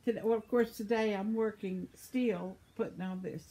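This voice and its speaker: A woman's voice: medium pitch, fairly even intonation, normal speed, mellow. A woman in her seventies, chatty and laughing often, reading viewer comments aloud in a casual vlog while losing her voice. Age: 70s. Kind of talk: casual chat.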